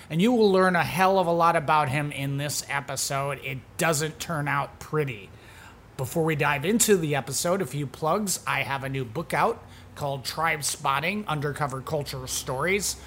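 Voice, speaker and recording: Male comedy podcast host, higher-pitched, playful teasing tone, faint noise. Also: fairly bright tone. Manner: playful, teasing, quick to laugh. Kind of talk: casual comedy podcast chat.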